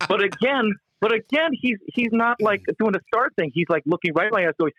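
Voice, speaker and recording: Lively-voiced man telling a showbiz story. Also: high voice, dry recording. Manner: animated storyteller, laughs often, halting restarts. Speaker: guest comedian and musician. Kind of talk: anecdotal storytelling in a podcast interview. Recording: dull, lo-fi, dry sound.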